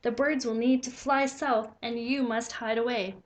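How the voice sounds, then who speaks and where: A woman's voice: on the high side, steady tone, normal speed, lightly acted. A woman reading aloud, voicing an eager, worried little male woodland creature who gives breathless, urgent warnings.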